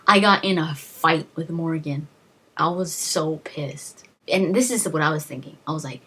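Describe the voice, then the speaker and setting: Woman, gaming vlog host, casual storytelling, rambling, emotional, fillers and restarts, husky voice. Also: low-pitched, moderate pace, a bit bright.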